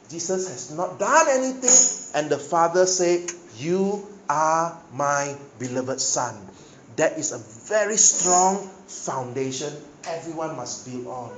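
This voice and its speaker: Pastor guy, kinda high voice, preaching in an echoey hall w faint hiss. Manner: animated, asks the audience questions, swings between loud and soft. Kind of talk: sermon.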